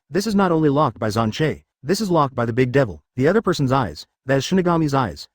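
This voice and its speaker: A man narrating a web novel in a rapid, rambling reading style. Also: medium pitch, no room sound, studio quality.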